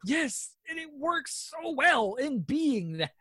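A woman's voice: sits high, big pitch swings, slow, a bit bright, no echo, clean studio sound. A woman co-hosting a podcast, chatting casually about a TV episode, rambling and giggling with lots of "like.". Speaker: podcast co-host. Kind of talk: casual chat reviewing a TV episode.

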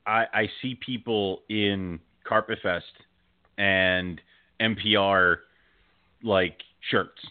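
A man co-hosting a podcast in casual chat, laid-back with frequent chuckles and quick asides. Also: fairly low pitch, fairly even intonation, clear, resonant tone, no echo. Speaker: podcast co-host. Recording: tinny phone-like sound, dry.

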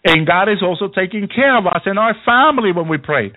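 A man's voice: sits high, expressive, a little fast. A male preacher delivering a sermon, repeating phrases and calling out hallelujah between them. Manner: exhorting, repetitive, punctuated by hallelujahs. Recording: thin phone-like radio sound.

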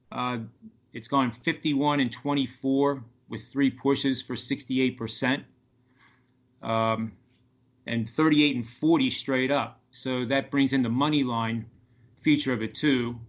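On a radio podcast, a male guest analyst covers sports betting in a casual, halting way, stumbling through plenty of fillers and restarts. He has a mid-range voice with fairly even intonation.

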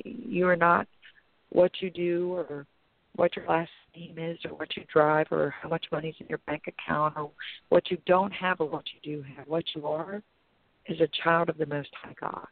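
Gravelly-voiced woman pastor over a phone line. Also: low voice, no echo. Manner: earnest, dramatic retelling with quoted inner thoughts. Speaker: pastor and author guest. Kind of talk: emotional personal storytelling turning into preaching.

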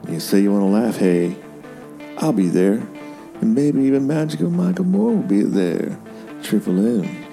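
A man's voice: lowish voice, sing-song, normal speed, gravelly, mellow, faint music behind. A man co-hosting a comedy podcast, bantering playfully and slipping into mock-announcer patter. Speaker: podcast co-host.

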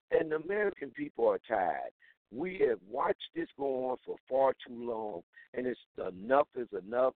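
A man's voice: medium pitch, no room sound. A man calling into a talk radio show and ranting in a heated, indignant, blunt way. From Houston, Texas. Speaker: caller. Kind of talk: call-in talk radio rant. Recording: tinny phone line.

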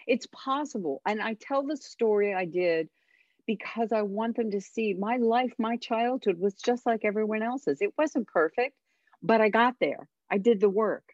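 A woman's voice: mid-range voice, lively intonation, moderate pace, dry recording, muffled recording. A woman parenting coach giving earnest, encouraging advice as a guest on a radio interview. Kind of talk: radio interview over a call line.

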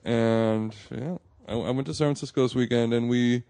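A man's voice: medium pitch, steady tone, moderate pace, creaky, warm tone, dry recording. A man hosting a food podcast, telling stories and joking in casual chat with friends. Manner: joking, storytelling. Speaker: podcast host.

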